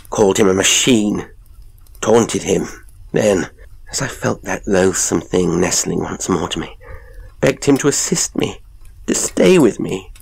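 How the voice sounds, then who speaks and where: Male reader as distressed scholar, husky and deep, agitated, for a horror audiobook. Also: exaggerated voice. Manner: agitated, heightened, rising to cries. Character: shaken, proud male professor confessing his terror.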